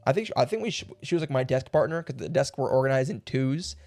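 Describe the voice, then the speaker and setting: A man's voice: medium pitch, lively intonation, fast talker, a little mellow, soft background music. A young man streaming a puzzle game, thinking aloud in a rambling way and laughing now and then. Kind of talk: casual puzzle game livestream.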